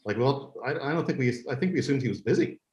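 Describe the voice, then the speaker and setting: A man's voice: mid-range voice, expressive, quick pace, darkish tone, dull audio. A man who is a guest on a podcast, a series creator, telling stories with enthusiasm and frequent restarts. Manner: enthusiastic storytelling, many restarts. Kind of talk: casual podcast interview. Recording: echoey room.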